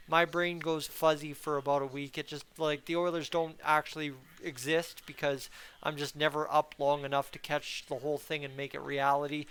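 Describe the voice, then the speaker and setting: A man's voice: fairly high pitch, little pitch movement, normal speed, fairly bright tone, clear, resonant tone. A young man hosting a casual fan commentary channel, rambling and chatty with a frustrated edge. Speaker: hockey fan channel host.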